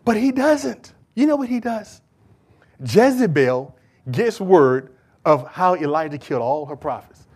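A male preacher delivering a sermon, retelling a Bible story in a lively, conversational way and swinging between loud and hushed delivery. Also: high voice, a little slow, slightly rough. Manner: animated storytelling, acting out biblical figures.

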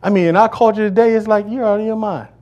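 Higher-voiced man preaching with call-and-response. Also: steady tone, fast, dull audio. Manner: call-and-response preaching, asks congregation to fill in words; joking, swings between loud declaring and low asides. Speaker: pastor. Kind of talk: sermon. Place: church service before a congregation.

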